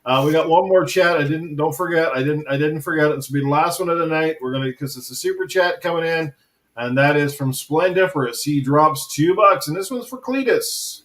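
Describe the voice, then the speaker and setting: An easygoing man hosts a gaming podcast with a chummy, laid-back tone. His voice sits a little high. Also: fairly quick, fairly bright tone. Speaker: podcast host. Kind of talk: casual podcast chat.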